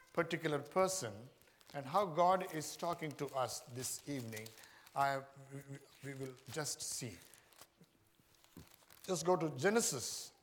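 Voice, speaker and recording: Guy preaching, high voice, echoey hall, keeps repeating questions. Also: a bit bright. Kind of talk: sermon.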